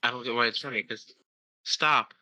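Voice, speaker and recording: A man's voice: medium pitch, steady tone, normal speed, bright, forceful tone, low-quality recording. Blunt East Coast American guy gaming. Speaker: co-streamer. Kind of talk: casual gaming chat.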